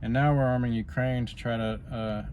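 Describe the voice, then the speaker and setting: A man's voice: mid-range voice, steady tone, moderate pace, a little mellow, slight background noise. A man vlogging in a rambling, casual way, stopping often on "you know" as he drifts from politics to personal life.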